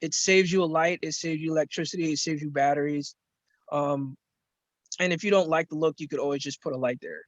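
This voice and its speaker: A man's voice: a little high, steady tone, brisk, dry recording. A young man explaining things in a loose, rambling way with many fillers, as a student on a group video call. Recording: muffled dry video call audio.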